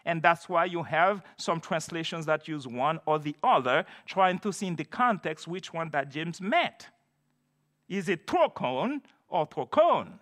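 A man's voice: on the high side, lively intonation, a little slow, fairly bright tone. A man preaching an expository sermon, emphatic and repeating key phrases for stress.

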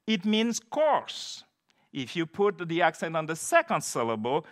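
A man's voice: sits high, big pitch swings, a little slow, pushed and bright. A man preaching an expository sermon, emphatic and repeating key phrases for stress.

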